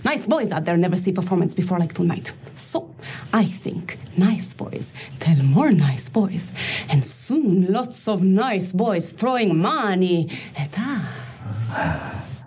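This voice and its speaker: A woman's voice: fairly low pitch, big pitch swings, slow, darkish tone, slightly rough, full character voice. An actress playing a brash, money-minded woman who runs a strip club, speaking broken English in a put-on Russian accent, heard in a film clip. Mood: scheming. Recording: film clip with music behind.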